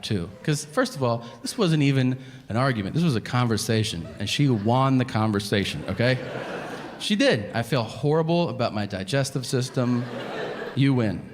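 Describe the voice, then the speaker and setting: Profane male stand-up comic, echoey hall. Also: medium pitch. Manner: profane, deadpan storytelling with quick asides. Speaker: stand-up comedian. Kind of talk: stand-up comedy storytelling. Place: comedy stage before an audience. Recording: live stage recording with hall reverb and audience noise.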